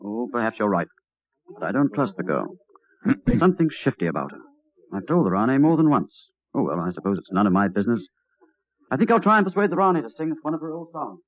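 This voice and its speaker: An actor playing a pompous, disdainful English gentleman in a radio drama. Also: mid-range voice, very animated, quick pace. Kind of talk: 1940s radio acting. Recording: dull old radio broadcast.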